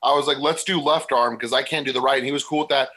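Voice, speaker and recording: A man's voice: mid-range voice, fairly even intonation, quick pace, pushed and bright, poor audio. A man who is a bodybuilding guest on a casual podcast, talking bluntly, swearing casually and often restarting his sentences.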